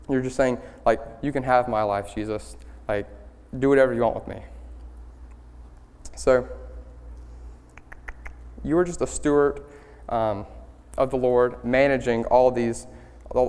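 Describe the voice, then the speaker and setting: A young adult man leads worship as a student speaker, giving a church sermon in an earnest, halting way with many ums and restarts. His medium-pitched voice is a little mellow and clean in tone. Hall reverb from the church sanctuary is audible.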